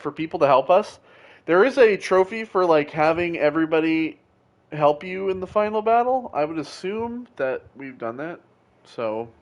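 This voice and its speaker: Brief: male streamer, fairly high voice, loose and jokey play-by-play. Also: highs cut off. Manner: loose, jokey, thinks aloud. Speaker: gaming streamer. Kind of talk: casual gameplay commentary.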